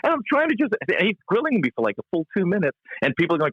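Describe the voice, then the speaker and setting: A man, a comedian and musician, telling a backstage anecdote in a podcast interview with laughs and halting restarts. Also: high-pitched, husky, dry recording. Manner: animated storyteller, laughs often, halting restarts. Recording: dull, lo-fi, dry sound.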